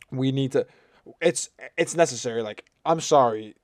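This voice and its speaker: A young man hosting a reaction video, joking crudely and talking loudly about games and clips. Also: mid-range voice, slow, no echo, studio quality. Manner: loud, crude, joking, animated. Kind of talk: casual reaction commentary.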